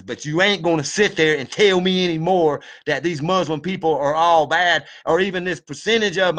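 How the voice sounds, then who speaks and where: Guy going off in a vlog rant, preachy, cussing, kinda high voice. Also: a bit bright. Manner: fired-up, preachy, swears a lot, folksy. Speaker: video commentator. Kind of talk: impassioned monologue.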